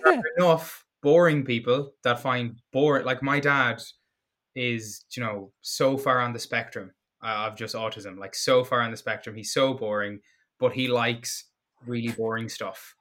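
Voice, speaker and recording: A man's voice: medium pitch, fairly even intonation, moderate pace, pushed and bright. An Irish man, a fitness content creator, talking casually as a podcast guest, blunt and joking, swearing freely. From Ireland.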